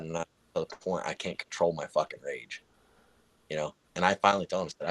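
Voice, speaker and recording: A man with a rather low voice tells a story at a podcast table, heated and full of swearing. The sound is dry, with no room echo. He is somewhere in his thirties or forties. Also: fairly even intonation, fast talker, fairly bright tone. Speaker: guest telling a personal story. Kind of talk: casual podcast chat.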